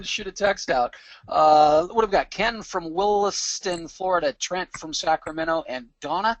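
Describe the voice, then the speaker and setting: A man's voice: sits high, no echo. Chatty man hosting a live webinar. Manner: energetic, chatty, reads names aloud with quick asides and laughs. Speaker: webinar host. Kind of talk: upbeat live webinar roll call.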